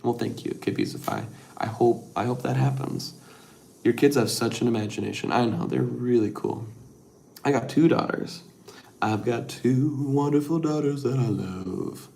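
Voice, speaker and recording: A middle-aged man hosting a casual livestream, reading viewer comments and rambling softly with lots of fillers. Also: medium pitch, expressive, normal speed, creaky, slight background noise. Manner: rambling, soft-spoken, with many fillers. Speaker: livestream host.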